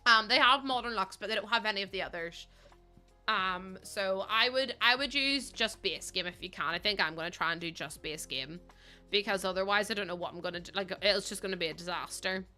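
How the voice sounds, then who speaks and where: Bright-voiced Northern Irish woman streaming. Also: mid-range voice, a little fast, faint music behind. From Northern Ireland. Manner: chatty, chats with viewers while building. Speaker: game streamer. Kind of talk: casual livestream chat.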